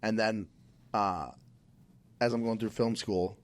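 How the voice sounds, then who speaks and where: A man's voice: on the low side, steady tone, slow. A man from Minnesota, a podcast guest, telling a casual, rambling story full of restarts and fillers.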